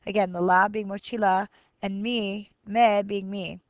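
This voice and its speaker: Woman teacher, 30s, mid-pitched, patient explainer, dry close recording. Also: fairly even intonation, measured pace, dry recording, dull audio. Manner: switches between Spanish and English explanations, counting syllables aloud; patient, explanatory, thinks aloud with fillers. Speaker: Spanish teacher. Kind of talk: classroom video lesson.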